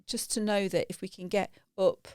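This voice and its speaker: A woman's voice: mid-range voice, fairly even intonation, moderate pace, darkish tone, clear, resonant tone, no echo, clean studio sound. A woman co-hosting a parenting podcast, talking in a thoughtful, reflective way with laughs and restarts. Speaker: podcast co-host. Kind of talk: casual parenting chat.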